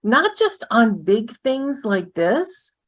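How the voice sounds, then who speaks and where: A woman's voice: on the high side, sing-song, slow, husky. A woman co-hosting a casual chat, telling stories and laughing often. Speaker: co-founder and co-host.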